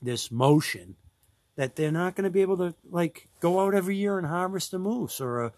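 A man's voice: high-pitched, lively intonation, brisk, a little mellow, dry recording. Chatty man, dry close sound. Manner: chatty, laughs often, many restarts. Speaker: podcast co-host. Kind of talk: casual chat.

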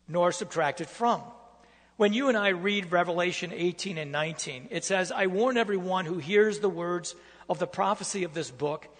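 A man's voice: sits high, big-room sound. A man preaching a sermon, reading scripture aloud with emphatic, repetitive phrasing.

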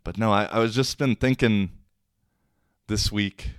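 Young man, podcast host, deep voice, slow drawl, slangy rambling chat, dry close mic. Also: clean tone, no echo. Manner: slangy, rambling, self-mocking. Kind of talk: casual solo podcast chat.

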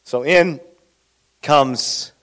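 Animated male preacher, fairly high voice. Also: extremely slow. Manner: animated, conversational, asks the congregation questions. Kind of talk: sermon.

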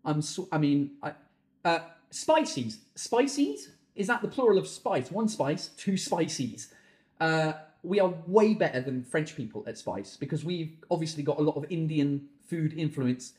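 A man's voice: fairly high pitch, roomy sound. A comedian hosting a solo podcast, ranting and swearing as he answers listener questions, hot and sweaty in a small room. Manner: ranting, sweary, quick swings into shouting. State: overheated and sweating.

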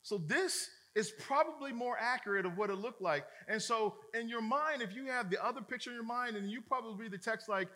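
A male pastor preaching a sermon in a joking, colloquial, energetic way. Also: extremely high pitch, fairly quick, hardly any pauses.

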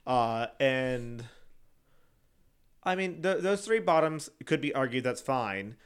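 A man in casual chat recapping a show, blunt and swearing, quoting people in animated voices. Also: mid-range voice, slow, smooth.

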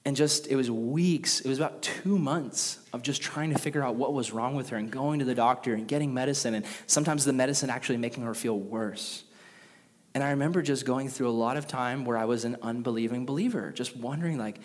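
A young adult man preaching a sermon, animated and conversational, with casual asides to the congregation. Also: medium pitch, a little fast. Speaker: pastor. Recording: reverberant hall.

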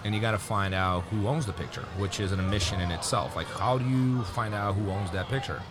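A man's voice: fairly low pitch, fairly quick, noisy background. A man commentator talking into a headset, explaining at length in a rambling, thoughtful way. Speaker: guest, tournament commentator. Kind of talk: casual interview chat. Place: tournament venue table. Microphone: headset mic.

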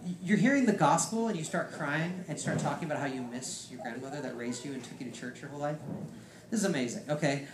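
Preaching his personal testimony, a man with a slightly high voice speaks quickly and rambles, saying "like" over and over. The audio is very noisy, with a roomy echo.

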